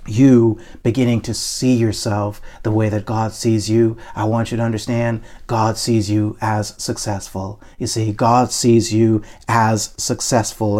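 A man with a somewhat low voice preaches an online sermon. He is emphatic and repetitive, circling back over his points as he leads listeners in repeating affirmations. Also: a little mellow.

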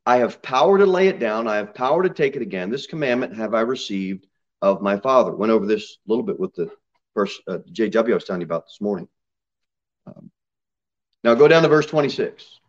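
A man preaching a sermon in a church, reading scripture aloud and building to emphatic, loud, high peaks. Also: lively intonation, fairly quick. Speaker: pastor. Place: church sanctuary. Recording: slightly dull church recording.

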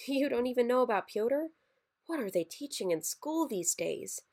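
A woman voicing a gangly, scaly male Christmas creature who talks in a raspy, brash and impatient way. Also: on the high side, very animated, normal speed, a little mellow, pitched above the performer's own voice.

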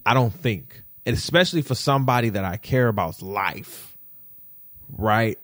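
A man's voice: on the low side, dry recording, clean studio sound. A young man telling viewers an emotional personal story, repeating himself and restarting sentences. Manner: repetitive, restarting, addresses viewers as y'all. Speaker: vlogger.

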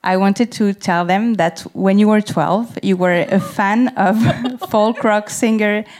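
A woman's voice: mid-range voice, steady tone, slow pace, darkish tone, a little hiss or hum. A woman whose first language is French, interviewing a guest in English on a festival stage, friendly and laughing often.

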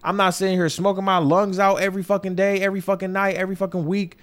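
Brief: young male podcast host, higher-pitched voice, raw and candid personal talk, heavy swearing, repeats himself and restarts. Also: little pitch movement, fast talker. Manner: candid and emotional, swears often, circles back with restarts. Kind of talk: personal opinion monologue. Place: New York.

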